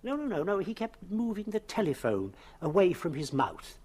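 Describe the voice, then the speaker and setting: A man's voice: high-pitched, sing-song, a little mellow, husky, heavily acted. An actor playing a polite, hesitant male undertaker in a 1970s television police drama. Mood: deferential. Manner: hesitant, deferential, halting.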